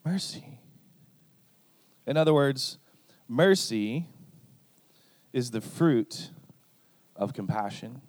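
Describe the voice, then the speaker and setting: Man, preacher, sermon, chatty, acts out quoted dialogue, mid pitch, dry close sound. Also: expressive, takes it slowly, long pauses, darkish tone, dry recording. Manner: conversational, keeps asking "right?"; illustrative, acts out quoted exchanges.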